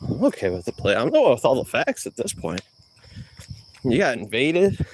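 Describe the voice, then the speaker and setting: A man's voice: mid-range voice, wildly swooping pitch, moderate pace, a little hiss or hum. Rambling joking man streaming outdoors. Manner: joking, trash-talking, rambling. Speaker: vlogger streaming live. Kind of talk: rambling live-stream chat while jogging.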